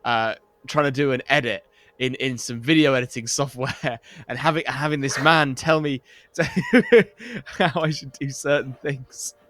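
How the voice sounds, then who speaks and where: A man's voice: mid-range voice, measured pace, fairly bright tone, dry recording. A man playing in a tabletop role-playing game, chatting casually with jokey asides. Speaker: player.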